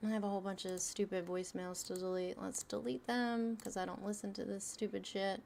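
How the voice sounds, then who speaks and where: A woman's voice: mid-range voice, level tone, brisk, creaky, darkish tone, a little hiss or hum. A young adult woman hosting a call-in livestream, blunt and mocking, swearing freely. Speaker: livestream host taking calls. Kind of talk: casual call-in livestream chat.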